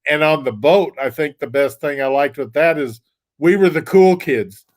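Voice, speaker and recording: Guy rambling on a live stream, kinda high voice, lots of restarts. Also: normal speed. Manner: rambling, frequent restarts, chuckles often. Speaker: guest. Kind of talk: casual chat on a livestream. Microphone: desk mic.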